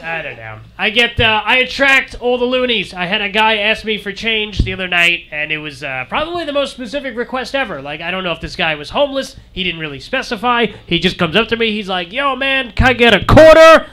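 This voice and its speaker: A man performs a stand-up comedy set in a high, ringing voice. He tells his stories deadpan and acts out each character he quotes. His tone stays bright and forward throughout. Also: brisk, few pauses.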